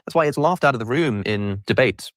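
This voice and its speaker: A man making a debate argument, reasoning rapidly and articulately with small restarts. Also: medium pitch, expressive, no echo.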